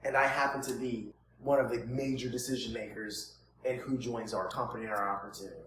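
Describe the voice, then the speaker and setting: A man coaching students on prospecting in an energetic, informal way, acting out sample conversations. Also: medium pitch, a little fast, a little hiss or hum. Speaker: network marketing trainer. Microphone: phone. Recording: echoey room, faint ambience, phone recording.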